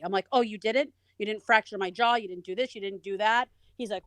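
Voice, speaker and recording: A woman's voice: on the high side, brisk, no room sound. Woman telling her story animatedly. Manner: animated, acts out quoted voices. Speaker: interview guest. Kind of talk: conversational storytelling.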